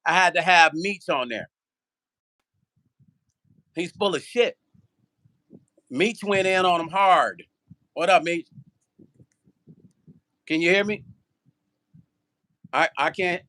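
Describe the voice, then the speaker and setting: A man's voice: fairly high pitch, slow pace, pauses often, bright, forceful tone. A man vlogging in a heated, profane rant, repeating himself and firing rhetorical questions. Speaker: musician.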